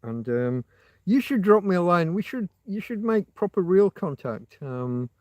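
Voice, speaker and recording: A man's voice: sits high, big pitch swings, unhurried, darkish tone, no echo. A man hosting a loose livestream chat with viewers from outdoors in a field, talking in a rambling, wry, self-mocking way with frequent restarts. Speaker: livestream host. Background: passing motorbike.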